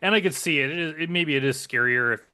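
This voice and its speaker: A man co-hosting a movie review podcast who weighs his opinions out loud, repeating words as he goes. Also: on the high side, fast talker, clear, resonant tone. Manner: hesitant, repeats words while forming opinions. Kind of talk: casual movie discussion.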